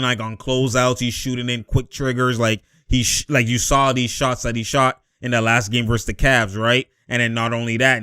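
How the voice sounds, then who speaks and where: A man giving excited, slang-heavy commentary over basketball highlights, laughing and hyping plays. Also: smooth, no echo, studio quality. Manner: hyped slangy reactions, frequent laughter. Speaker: sports commentator.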